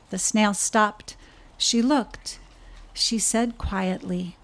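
A woman speaks at a memorial service in a church and reads a children's story aloud. She talks slowly, with a nervous, halting edge. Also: mid-range voice.

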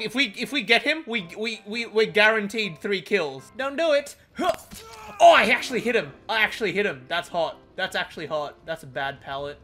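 Excitable gamer, lively bright voice. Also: male voice, high-pitched. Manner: excitable, swearing, laughing often. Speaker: gaming streamer. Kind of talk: live gameplay commentary.

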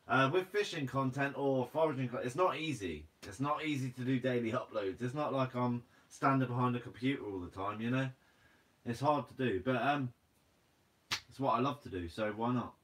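A man's voice: medium pitch, a bit bright. A man in his twenties with a Guernsey accent, hosting a casual live Q&A and reading out viewer comments. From Guernsey, Channel Islands. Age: 20s. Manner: casual, chatty, reads viewer comments aloud. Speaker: fishing channel host. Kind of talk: live stream Q&A reading chat.

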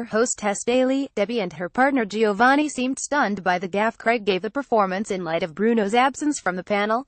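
Woman reading news in a dry, even voice. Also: mid-range voice, dry recording. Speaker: news reader. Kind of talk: reading an online article aloud.

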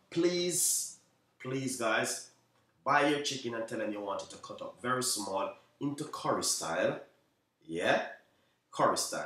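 Fast-talking Jamaican man, chef live host. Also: on the low side, a bit bright, reverberant, recorded from a distance. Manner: repetitive, keeps saying "you know what I mean"; talks fast, by his own account. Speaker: chef hosting a live cooking stream. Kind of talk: live stream chat to viewers.

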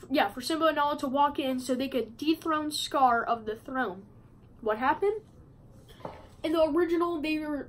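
High-voiced woman rambling through a vlog. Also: rough recording. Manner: rambling, many fillers and restarts. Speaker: movie review vlogger. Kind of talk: casual vlog chat. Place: a friend's house, not her usual filming spot.

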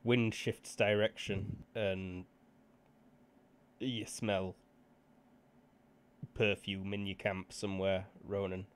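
A man narrating as game master of a tabletop game, measured and unhurried with small fillers. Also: lowish voice, level tone, clear, resonant tone.

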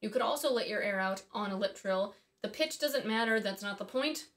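A woman's voice: medium pitch, brisk, fairly bright tone. A woman teaching singing in a casual, chatty way, thinking aloud and dropping in small asides as she explains. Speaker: voice and harp teacher. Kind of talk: casual instructional talk.

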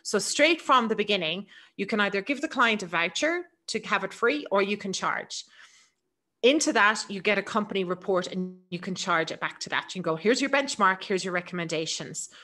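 A middle-aged woman with an Irish accent giving a quick, chatty business webinar presentation. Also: medium pitch, sharp tone. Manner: fast, chatty, laughs easily.

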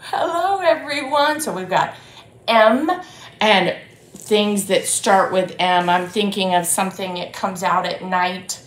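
A woman leads a library storytime for small children in a lively, sing-song manner. She speaks slowly, drawing out each word. The room around her rings with echo. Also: lowish voice. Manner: animated, sing-song, addresses children and grown-ups. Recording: roomy echo.

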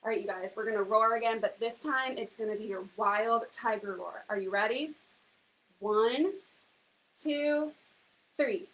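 A woman's voice: fairly high pitch, unhurried, a bit bright, low-quality recording. A young woman reading a picture book aloud to children in a teacherly way, stopping to ask them questions. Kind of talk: children's story time reading.

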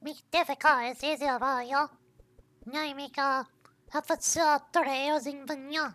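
A woman's voice: high-pitched, steady tone, normal speed, a bit bright, no echo. A woman streamer giving casual game commentary, thinking aloud as she tries things, swearing freely and tacking "yo" onto her lines.

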